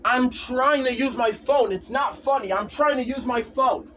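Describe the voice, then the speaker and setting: A man's voice: very high voice, unhurried, fairly bright tone, far from the mic, a little hiss or hum. A man in a casual vlog, ranting insistently and repeating himself over and over. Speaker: vlogger. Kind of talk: casual rant to camera.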